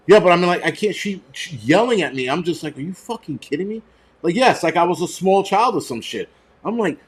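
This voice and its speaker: A man, hosting a prepper channel and telling stories in a heated, profane, rambling rant. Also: a little high. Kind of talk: casual ranting monologue.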